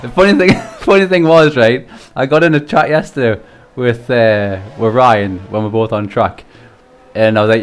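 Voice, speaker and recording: A man's voice: mid-range voice, moderate pace. Chatty man commentating a race stream. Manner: chatty, laughs often, swears casually. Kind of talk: casual live-stream commentary.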